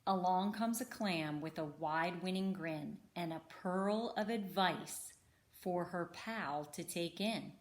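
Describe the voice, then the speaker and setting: A woman reading a children's picture book aloud in a slow, rhythmic way. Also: lowish voice. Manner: slow, rhythmic rhyming delivery. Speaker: storybook reader.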